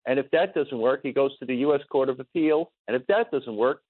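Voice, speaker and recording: A man's voice: medium pitch, fairly quick. A man calling a radio show who is wry and lays out his points one by one, stumbling over words now and then. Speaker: radio caller. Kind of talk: call-in radio talk. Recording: phone line.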